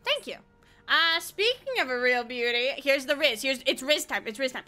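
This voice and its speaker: A young woman streaming a game, joking and swearing in animated, loose commentary and laughing often. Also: high voice, moderate pace, soft background music. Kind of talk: casual live-stream gaming commentary.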